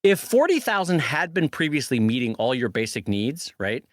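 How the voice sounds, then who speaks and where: A man co-hosting a podcast in casual chat, animated and jokey, reading listener questions aloud. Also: medium pitch, normal speed, no room sound, studio quality. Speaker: podcast co-host.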